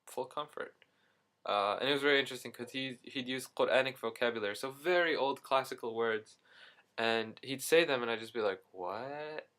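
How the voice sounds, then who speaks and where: A young man tells travel stories to the camera in a loose, rambling vlog. He keeps breaking off for asides and corrections, and he acts out the quick reactions of the people he met along the way. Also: mid-range voice, pushed and bright. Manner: self-correcting, frequent asides and fillers. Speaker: video diarist. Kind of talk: casual travel vlog storytelling. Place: Istanbul, Turkey.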